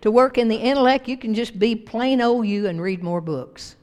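A woman pastor preaching a sermon to her church with emphatic swings in pitch and volume. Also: moderate pace. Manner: emphatic preaching with big rises and drops in pitch and loudness. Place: church sanctuary. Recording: long reverb of a church hall.

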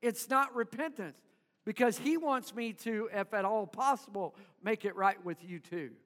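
A man's voice: high voice, moderate pace, a bit bright, long reverb tail. A man preaching a sermon to his congregation in church, calling for responses and having them repeat after him. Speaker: pastor.

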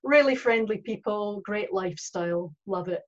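A woman's voice: medium pitch, normal speed, lo-fi sound. A Scottish woman, a guest on a podcast, chatty in casual interview talk, with frequent ums. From Scotland. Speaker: guest, horse trainer.

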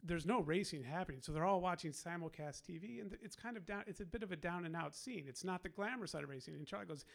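A man's voice: high voice, fast, creaky, hardly any pauses. A man telling a long personal anecdote in a casual way, laughing often and acting out the people he quotes. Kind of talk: casual storytelling.

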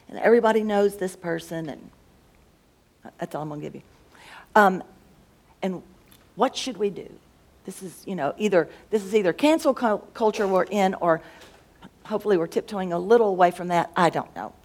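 A woman's voice: mid-range voice, moderate pace, pauses often, a little mellow. A woman who teaches school, talking casually about faith and thinking aloud as she searches for words. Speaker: schoolteacher and co-host.

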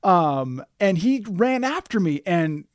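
A man hosts a podcast, his voice a touch higher than most men's. He tells a story in a relaxed, rambling way, and the recording is close and dry. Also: takes it slowly, no echo. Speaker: podcast host. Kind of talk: casual storytelling chat.

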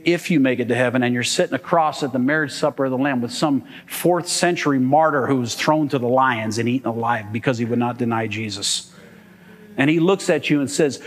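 Emphatic preacher in a reverberant hall. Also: male voice, mid-range voice. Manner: emphatic, call-and-response, asks "amen?". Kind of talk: sermon. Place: church hall.

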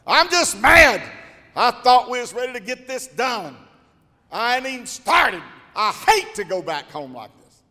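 A man's voice: extremely high pitch, fairly even intonation, slow, hardly any pauses, pushed and bright, long reverb tail, voice pushed up, exaggerated voice. A man voicing his heavily pregnant wife, who is fed up and upset, in a raised, drawling complaint.

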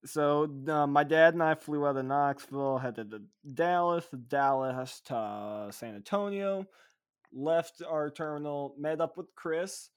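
A man's voice: on the high side, a little slow, clear, resonant tone. Enthusiastic rambling male podcast co-host. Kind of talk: casual chat.

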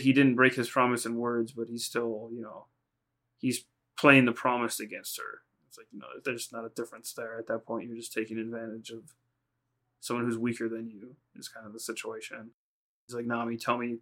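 A man's voice: mid-range voice, pushed and bright. A man co-hosting a podcast, casually recapping anime episodes in a rambling, profane way, acting out lines in quoted voices. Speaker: podcast co-host.

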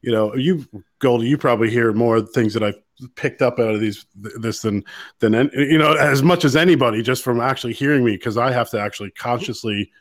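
A man's voice: medium pitch, a little fast. A man hosting a casual podcast who rambles in stop-start bursts and keeps saying "you know what I mean". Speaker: podcast host.

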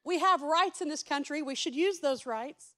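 High-voiced woman pastor preaching. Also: moderate pace. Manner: swings from loud urgent preaching to soft hushed speech; addresses the congregation directly with asides. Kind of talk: sermon.

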